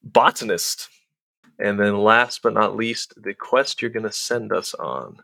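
Chatty man with a bright voice. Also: lowish voice, a little slow, gravelly, dry recording, clean studio sound. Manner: relaxed, chatty, lots of "like". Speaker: host and game master. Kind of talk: explaining a role-play game, casual.

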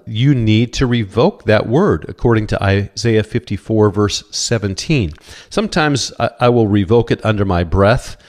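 A man's voice: lowish voice, a little mellow. A middle-aged man preaching a sermon as a pastor, earnest and quoting scripture, often stammering on repeated words. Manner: cites scripture verses.

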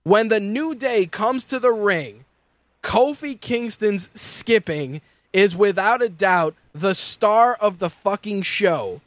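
A man hosting a casual wrestling and fight talk show, animated and profane, often mimicking the people he talks about. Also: sits high, slow pace, dry recording. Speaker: podcast host.

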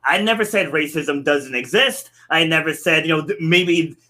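A man's voice: a little high, normal speed, pushed and bright. A man hosting a podcast, chatting casually and telling stories animatedly, laughing often. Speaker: podcast host. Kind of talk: casual conversation.

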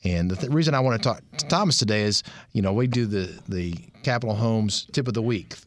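A man hosting a radio talk show, leading the guest with brisk questions. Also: fairly low pitch. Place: radio studio.

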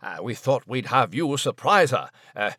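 A man's voice: mid-range voice, sing-song, moderate pace, pushed and bright, husky, no echo, studio quality, heavily acted. A man voicing a proper, well-mannered male mouse who talks in clipped upper-class phrases. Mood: jolly. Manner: clipped upper-class talk with "I say" and "old boy". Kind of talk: audio drama acting.

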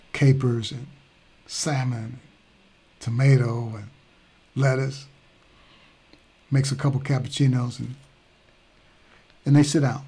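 Male preacher, gravelly and husky, chatty sermon storyteller. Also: medium pitch. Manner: animated, conversational retelling.

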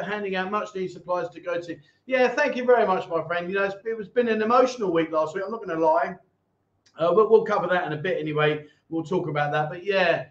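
A man hosting a casual livestream, chatting and joking with viewers as he reads their comments. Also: sits high. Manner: chatty, jokey banter with viewers. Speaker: livestream host. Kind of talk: casual live chat reading comments. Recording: echoey room, dull lo-fi sound.

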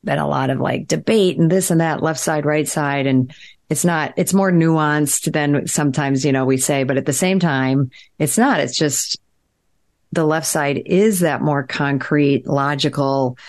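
A woman with a low voice chats on a podcast. She tells a long, winding story, stopping and restarting often and filling gaps with small words. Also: measured pace. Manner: rambling, animated storytelling with many fillers. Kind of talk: podcast conversation.

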